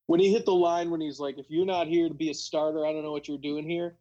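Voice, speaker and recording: A man's voice: on the high side, steady tone, quick pace, warm tone, lo-fi sound. A young man chatting casually about football as a podcast co-host, rambling with lots of fillers. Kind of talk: casual sports chat.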